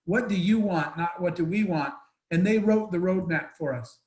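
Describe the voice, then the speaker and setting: A man's voice: high voice, normal speed, darkish tone, roomy sound, low-quality recording. A man telling an emotional story as a guest speaker in an online Q&A, earnest and rambling with restarts, over a video call.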